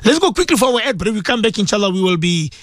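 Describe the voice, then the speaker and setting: High, lively radio cleric. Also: male voice, fast talker, no room sound. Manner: emphatic, repeats words and phrases. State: sore throat, clears it often. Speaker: radio host and Muslim cleric. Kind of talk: religious radio talk. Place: radio studio.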